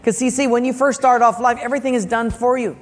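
High-voiced pastor preaching in a hall. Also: male voice, fast talker. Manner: animated storytelling, acts out characters with loud outbursts. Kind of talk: sermon.

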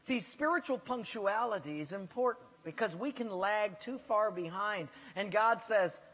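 A man's voice: high voice, lively intonation, moderate pace, few pauses, fairly bright tone, long reverb tail. A man preaching a sermon as pastor, asking the congregation direct questions and telling stories.

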